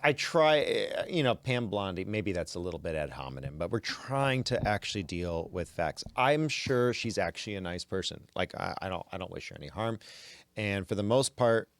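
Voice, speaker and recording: A man's voice: low-pitched, animated, normal speed, no echo. A man hosting a podcast in casual chat, opinionated and stammering on his restarts. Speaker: podcast host.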